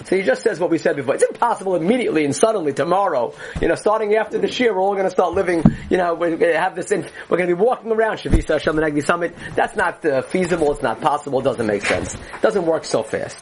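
A man leads a Torah class, explaining each idea earnestly and circling back to restart his phrases as he goes. His somewhat high voice rises and falls a great deal, and a faint hiss sits under it. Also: lively intonation, quick pace, hardly any pauses. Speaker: Torah teacher.

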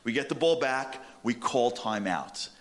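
A man giving a humorous sermon, animated and telling stories. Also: mid-range voice, a little slow. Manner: animated, comic, storytelling. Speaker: speaker.

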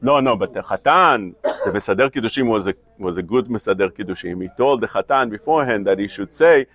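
A man teaching a Talmudic lecture, asking questions and answering them himself in an animated way. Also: fairly low pitch, a little fast. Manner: animated, questioning, mixes Hebrew and Yiddish terms. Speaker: Torah teacher.

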